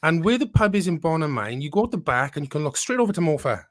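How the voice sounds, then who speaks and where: A man's voice: fairly high pitch, sing-song, fast, no room sound, studio quality. Chatty man. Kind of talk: casual chat.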